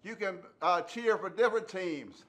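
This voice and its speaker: A man hosting a rowdy sports radio show, loud and theatrical, shouting comic bits. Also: sits high, normal speed.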